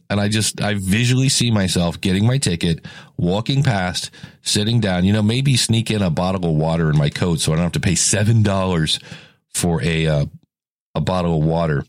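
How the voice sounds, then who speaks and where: A man's voice: low voice, fairly quick, no echo, clean studio sound. A man hosting a casual solo podcast, chatty and rambling, often correcting himself mid-sentence. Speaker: podcast host.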